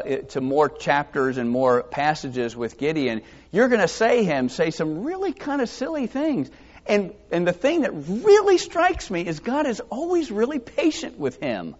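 Male pastor, lively and varied delivery, slightly high voice, dull lo-fi recording, casual sermon style. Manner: conversational, self-deprecating, acts out quotes. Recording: dull lo-fi sound.

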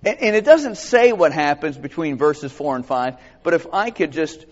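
A man's voice: on the high side, normal speed. A man preaching a conversational sermon to a congregation, reading scripture aloud and asking them questions. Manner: animated, expressive, asks the congregation questions. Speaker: pastor. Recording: dull sound with long hall reverb.

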